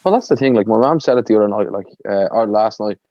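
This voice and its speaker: A man's voice: lowish voice, lively intonation, quick pace, warm tone, dry recording, lo-fi sound. A man with an Irish accent, co-hosting a podcast in laid-back casual chat, saying "like" a lot. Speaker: podcast co-host.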